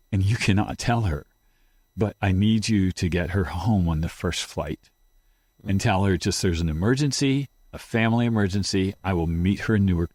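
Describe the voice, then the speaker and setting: Deep-voiced man telling a painful story. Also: a little mellow, no echo. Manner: halting, retells his own words in quotes. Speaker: interview guest. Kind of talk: emotional personal storytelling.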